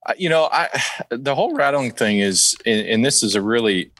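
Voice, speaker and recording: A man guest on a podcast, giving measured advice with lots of fillers. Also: medium pitch, expressive, a bit bright, poor audio. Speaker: guest hunting expert.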